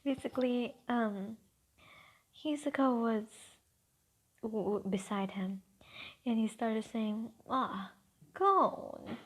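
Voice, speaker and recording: Whispery, husky young-sounding woman storyteller. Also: a little high, fairly even intonation, takes it slowly, pauses often, warm tone. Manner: rambling, hesitant, whispery. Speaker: fan-fiction storyteller. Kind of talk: casual improvised storytelling.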